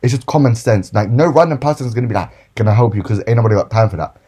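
Young man, husky breathy voice, profane animated rant, casual storytime podcast. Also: medium pitch, racing. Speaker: podcast host telling retail stories.

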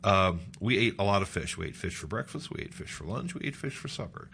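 A middle-aged man from Nebraska telling a personal story on a podcast, animated, acting out quoted lines with a lifted voice. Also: low-pitched, fast talker, vocal fry, a little hiss or hum. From Nebraska, United States. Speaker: guest.

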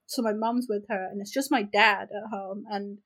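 A woman with a New Zealand accent, a podcast co-host telling a story in casual chat, frank and animated, swearing freely and saying "like" a lot. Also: medium pitch, moderate pace, rough recording.

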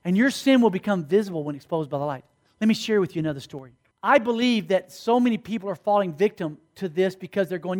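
A high-pitched, fast-talking man preaches as a youth pastor. Through his sermon he tells stories, acts out characters, and calls on the group for responses.

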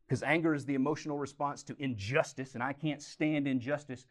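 A man preaching a teaching sermon, animated, swinging from loud emphasis to quiet, intense moments. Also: mid-range voice, a little fast, few pauses. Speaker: pastor.

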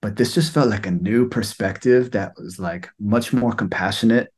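Young man, slightly low voice, reflective personal sharing, hesitant with lots of fillers. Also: husky. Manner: soft-spoken, halting, many fillers. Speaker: student sharing experience.

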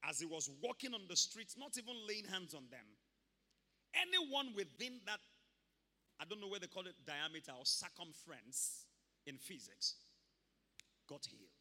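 A man preaching a sermon emphatically, with loud bursts. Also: high-pitched, very animated, moderate pace, long pauses. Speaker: pastor. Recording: long hall reverb.

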